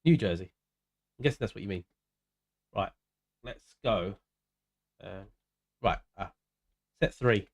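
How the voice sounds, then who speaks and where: A South London man with a lowish voice chats casually with viewers during a live racing game stream, greeting them by name. He speaks slowly with frequent pauses and sometimes drifts into mumbled asides.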